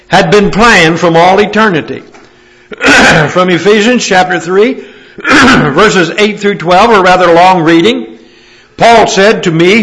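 A man with a notably high voice preaches a sermon in church. He reads scripture aloud slowly and with weight, pausing on each phrase. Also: a bit bright. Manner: measured, slow emphatic scripture reading.

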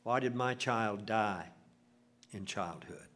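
An older man preaching a sermon, swelling loud for emphasis and dropping to a near hush. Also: fairly low pitch, takes it slowly. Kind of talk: sermon with invitation.

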